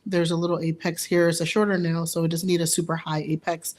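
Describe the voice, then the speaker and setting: A young woman talks viewers through a live nail tutorial in a relaxed, chatty way. Her voice sits on the low side, and she laughs easily at her own small mistakes. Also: quick pace. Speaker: nail artist giving a live demo.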